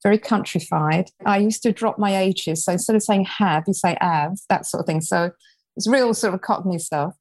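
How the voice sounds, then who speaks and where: A woman's voice: mid-range voice, darkish tone, no room sound. Brief: sixties woman from England, interview guest, earnest and reflective storyteller. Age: 60s. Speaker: author guest. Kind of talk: interview conversation.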